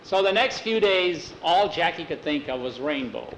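A man's voice: a little high, moderate pace. Folksy male storyteller in an echoey room. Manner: plain-spoken, relaxed, homespun wording. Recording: echoey room, faint traffic.

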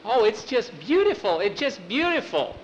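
A man voicing an excited young girl in an oral story, eager and gushing. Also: high voice, moderate pace, lo-fi sound, slight background noise, voice pushed up. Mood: delighted.

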